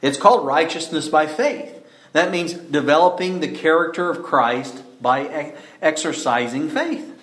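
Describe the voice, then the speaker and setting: A man preaching a sermon, emphatic, often asking rhetorical questions and slowing down to stress key words. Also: on the high side, fairly bright tone, reverberant.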